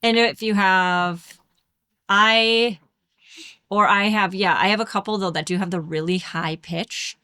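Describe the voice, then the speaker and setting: A woman co-hosting a podcast about home daycare, chatting in an animated way and sometimes mimicking kids' voices. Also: medium pitch, unhurried, clear, resonant tone, dry recording, studio quality. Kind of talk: casual chat.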